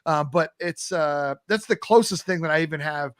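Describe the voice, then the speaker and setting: Man, New York accent, podcast host, animated, laughs easily, slightly high voice, dry close sound. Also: moderate pace, no echo. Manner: animated, laughs easily, does playful impressions. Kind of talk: casual conversational interview.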